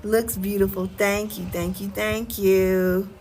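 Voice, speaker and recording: A woman's voice: medium pitch, level tone, takes it slowly, a little mellow, slight background noise, rough recording. Emphatic Southern woman on livestream. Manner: emphatic, repeats words, frequent "okay?" check-ins. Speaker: vlogger and relocation coach. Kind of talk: casual livestream talk to viewers. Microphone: phone.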